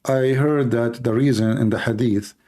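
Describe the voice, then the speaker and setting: A man's voice: medium pitch, steady tone, moderate pace, mellow. A man hosting a call-in debate, pressing his caller with repeated challenging questions. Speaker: host.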